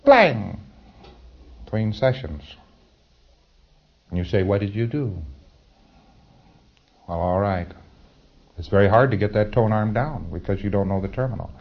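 Male lecturer, low voice, wry and conversational, lo-fi old tape. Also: animated, moderate pace, vocal fry, pauses often. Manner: wry, conversational, with chuckles and mock dialogue. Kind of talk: recorded training lecture.

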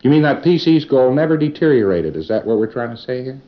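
A man's voice: medium pitch, very animated, fast talker, dull audio. A man giving an informal lecture to a class, rambling in a folksy way with asides and chuckles. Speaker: lecturer reviewing students' work.

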